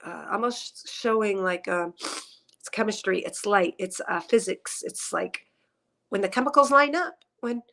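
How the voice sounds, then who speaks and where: A woman's voice: mid-range voice, a little slow, pushed and bright. A woman doing a psychic reading on a headset mic, emotional and tearful as she rambles through her impressions. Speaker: psychic reader. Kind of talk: spiritual reading session.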